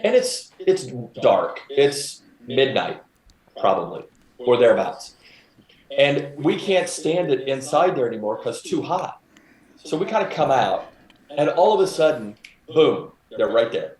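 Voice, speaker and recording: A man's voice: medium pitch, very animated, measured pace, a little mellow. A man co-hosting a casual podcast, wisecracking dryly and filling in details of a story. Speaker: podcast co-host. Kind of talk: casual chat. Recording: roomy echo.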